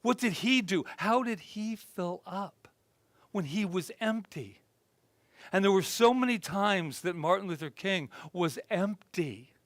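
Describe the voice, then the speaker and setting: A male minister giving a conversational sermon, animated and self-deprecating, then dropping to a soft, reflective tone. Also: sits high, measured pace, no echo. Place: spiritual center gathering.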